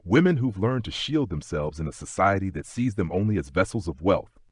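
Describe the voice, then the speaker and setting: A man playing a low-voiced, perceptive English lord. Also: animated, slightly rough, no room sound, clean studio sound. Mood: grave. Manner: measured, low and deliberate. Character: reserved aristocratic Englishman, courteous and perceptive.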